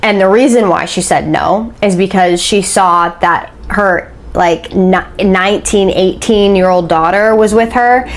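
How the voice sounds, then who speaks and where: A woman's voice: mid-range voice, a little slow, few pauses. A woman casually retelling a story she heard, in a chatty way with many fillers.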